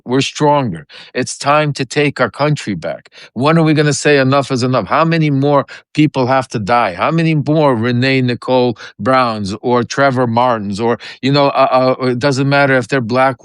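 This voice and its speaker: A man's voice: medium pitch, clear, resonant tone, no echo. Guy on a live stream, passionate, repeats himself, dry audio. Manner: impassioned, repeats phrases, many fillers and restarts. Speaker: guest. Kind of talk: live-stream political talk.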